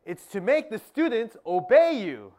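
A man playing a brisk, wary male school principal who gives warnings. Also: sits high, huge pitch swings, warm tone, exaggerated voice.

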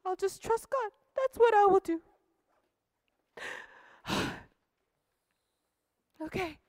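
Woman doing a worried young churchgoing student, earnest and sighing, high voice, slow. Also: lively intonation, a little mellow, dry recording, clean studio sound, full character voice. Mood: pleading. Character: earnest young male student, pious, anxious.

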